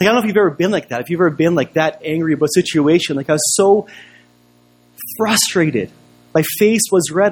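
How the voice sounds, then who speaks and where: A man's voice: high voice, a little mellow, breathy edge. A man preaching a sermon as pastor, telling a personal story in a conversational way full of rhetorical questions.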